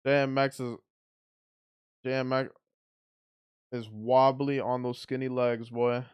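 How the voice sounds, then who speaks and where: Smooth-voiced man calling a fight live. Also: medium pitch, takes it slowly. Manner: excitable, blunt play-by-play with frequent restarts. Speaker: watch party commentator.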